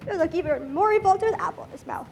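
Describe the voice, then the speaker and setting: A teenage girl acting a cruel, gloating female witch in a school stage play, with mocking, drawn-out taunts. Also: very high-pitched, animated, darkish tone, slight background noise. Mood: menacing. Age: teens. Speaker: student actor.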